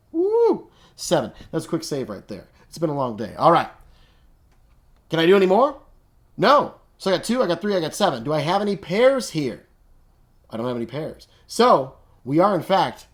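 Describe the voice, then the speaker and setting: A man teaching math in a casual, upbeat way, using slang and thinking aloud as he works each step. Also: a little high. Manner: upbeat, slangy, talks to himself while working. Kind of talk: casual classroom explanation.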